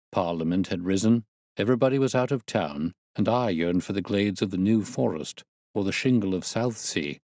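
A man narrating a classic story in a measured, formal and expressive reading style. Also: deep voice, dry recording, studio quality. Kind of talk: scripted audiobook narration.

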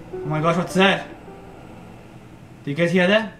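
A man's voice: high-pitched, a little slow, long pauses, loud music behind the voice. A young man, a YouTuber playing a horror game, jumpy and swearing, letting out shrieks when startled. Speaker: gaming YouTuber. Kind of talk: horror game let's play commentary. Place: room at home. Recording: echoey room with faint noise.

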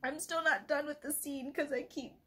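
A woman's voice: high-pitched, steady tone, moderate pace, fairly bright tone. A young woman vlogging about books she is reading, gushing and laughing often and sometimes reading passages aloud. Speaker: book vlogger. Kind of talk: casual reading vlog.

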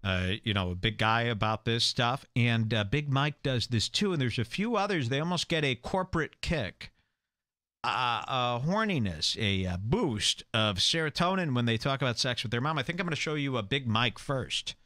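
A man's voice: mid-range voice, expressive, normal speed, pushed and bright, no echo, studio quality. A man hosting a comedic talk show, ranting in a crude, mocking, gossipy manner. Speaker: radio show host.

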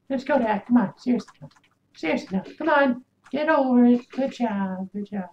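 A man's voice: lively intonation, normal speed, darkish tone, highs cut off, slight background noise. A man putting on the voice of a young son who whines and yelps at his dad while they play a game. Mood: nagging. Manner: shrill, yelping, bratty.

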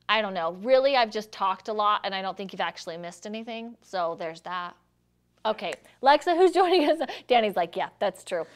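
A woman's voice: medium pitch, clear, resonant tone. A woman hosting a casual live stream, chatty and self-deprecating, laughing often between lines. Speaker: live show host.

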